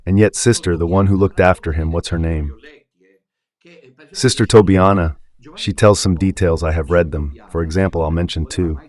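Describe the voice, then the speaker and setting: Man, Italian accent, very deep voice, radio preacher, emphatic, rhetorical. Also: fairly even intonation, normal speed, a little mellow. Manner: emphatic, rhetorical, addresses listeners directly. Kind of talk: impassioned religious commentary.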